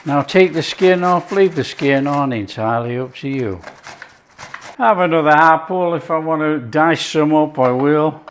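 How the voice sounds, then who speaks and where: Man, cooking host, fairly high voice, chatty, enthusiastic, talks to camera. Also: a little slow, slight background noise. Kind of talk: casual cooking demonstration.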